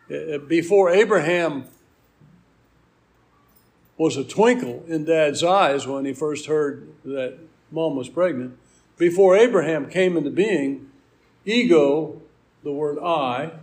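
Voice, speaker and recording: A man's voice: on the high side, darkish tone. A man preaching a sermon, explaining scripture in an earnest teaching manner.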